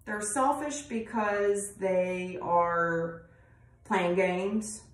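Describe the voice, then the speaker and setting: A woman's voice: mid-range voice, drawn-out words. A woman giving a casual tarot reading, talking bluntly and rambling, with frequent swearing. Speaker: tarot reader. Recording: roomy, distant mic, faint noise.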